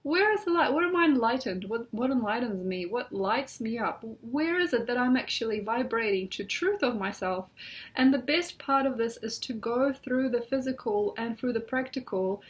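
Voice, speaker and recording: A woman astrologer with a slightly high voice talks from her bed at home. She rambles in a loose, reflective way, full of "like" and "you know." It sounds like a casual computer recording. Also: expressive, moderate pace. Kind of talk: casual spoken astrology talk.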